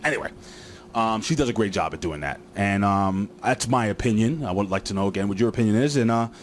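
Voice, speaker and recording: A man's voice: lowish voice, fast, slight background noise. A man casually recapping a wrestling show, rambling with lots of fillers and joking asides.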